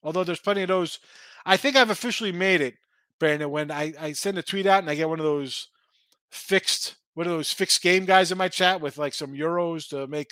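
Sports betting host guy, rambly and fired up, high bright voice, dry close sound. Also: brisk, no echo. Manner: rambling, excitable, talks back to chat. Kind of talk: casual live-stream chat reading viewer comments.

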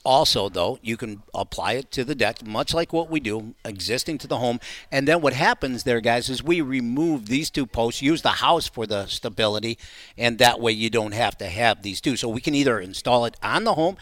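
Middle-aged man, business guest on radio talk show, keen sales pitch, mid pitch, eager bursts of speed. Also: expressive, moderate pace, fairly bright tone, no room sound. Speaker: awning company guest. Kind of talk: casual radio chat.

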